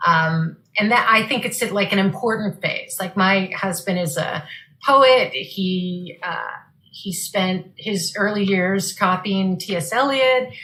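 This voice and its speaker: A woman's voice: mid-range voice, takes it slowly, fairly bright tone, low-quality recording. A woman author chatting on a video call, talkative and repeating words as she thinks. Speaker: guest author. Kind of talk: casual video-call chat.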